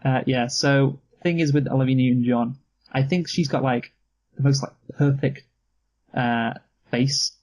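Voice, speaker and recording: A man's voice: mid-range voice, fairly even intonation, a little slow, darkish tone, low-quality recording. A man co-hosting a casual film review chat, dry and sweary, laughing easily. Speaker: podcast co-host.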